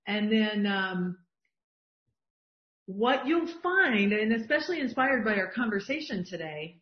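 A middle-aged woman leading an online group coaching session, talking with emphatic enthusiasm as she reads from shared lists. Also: on the high side. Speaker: business coach. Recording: dull, roomy video-call audio.

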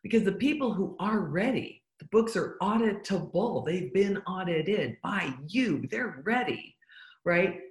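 A business coach gives a motivational talk in a medium-pitched voice with lively intonation and an unhurried pace. She's emphatic and keeps firing rhetorical questions at the listener. The room sounds echoey.

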